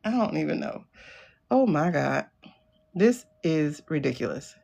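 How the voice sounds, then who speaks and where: Woman streamer, AAVE, incredulous running commentary, voice swings high and low. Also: animated, unhurried, vocal fry, darkish tone. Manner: incredulous, talks back at the screen. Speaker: livestream host. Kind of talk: casual livestream commentary.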